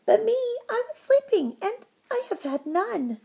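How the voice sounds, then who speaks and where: A woman voicing a grumpy big male bear who sulks loudly in a storybook read-aloud. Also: very high voice, sing-song, unhurried, vocal fry, pitched above the performer's own voice, heavily acted. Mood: sulky. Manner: loud, whiny complaining.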